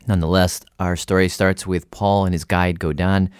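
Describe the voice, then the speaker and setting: A male radio host narrating a story and interviewing a guest with curious, quick questions. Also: deep voice, little pitch movement, clean tone, no echo, studio quality.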